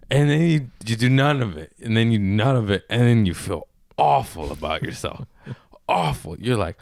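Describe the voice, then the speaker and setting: Man, comedy podcast host, low voice, very lively pitch, rambling, self-mocking, dry close sound. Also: normal speed, gravelly, dry recording. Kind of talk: casual comedic chat.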